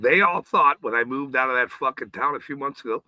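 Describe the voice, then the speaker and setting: A man hosting his own channel, delivering an angry, profane, boastful rant straight to camera with frequent shouting. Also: medium pitch, fairly quick, few pauses, no room sound, poor audio. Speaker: channel host.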